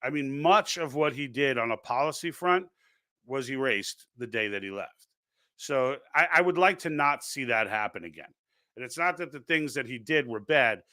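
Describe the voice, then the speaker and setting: A man with a New York accent hosts a casual political livestream and reads viewer comments aloud. His voice is bright and crisp. He rambles and restarts his sentences, and the recording is close and dry. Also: medium pitch, animated, normal speed, dry recording. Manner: rambling, many restarts and repeated words. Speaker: livestream host reading chat comments.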